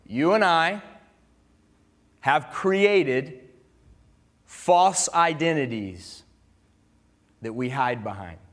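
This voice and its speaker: A man preaching a sermon to a congregation in an animated, joking way, having them repeat words back to him. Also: a little high, very slow, long pauses. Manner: calls for the audience to repeat words. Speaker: pastor. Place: church gathering room with listeners.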